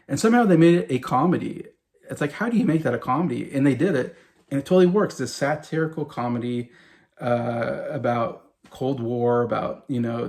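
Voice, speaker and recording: A man in his forties talks about a favorite film in a loose, unscripted way. He sounds eager and gushing, and he keeps circling back with plenty of "you know" and "uh" as he goes. His pitch sits in an ordinary middle range. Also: darkish tone. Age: 40s. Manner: enthusiastic, rambling, many fillers. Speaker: movie review vlogger. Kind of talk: casual film review monologue.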